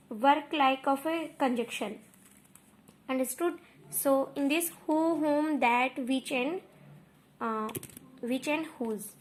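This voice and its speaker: A woman teacher with an Indian English accent, giving an online grammar lesson, repeating points and checking in with "okay" and "understood". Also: high-pitched.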